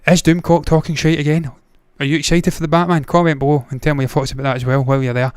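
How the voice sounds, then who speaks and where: A man's voice: on the high side, level tone, fast talker, smooth, dry recording. A man hosting a movie news livestream, giving blunt, opinionated takes with frequent swearing. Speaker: movie news show host. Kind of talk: casual livestream commentary.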